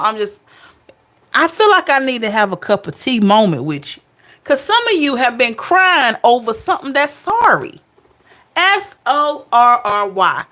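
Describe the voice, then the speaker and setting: A woman's voice: on the high side, a bit bright. A woman giving a casual tarot reading, chatty, blunt and playful, speaking straight to her viewers. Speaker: tarot reader.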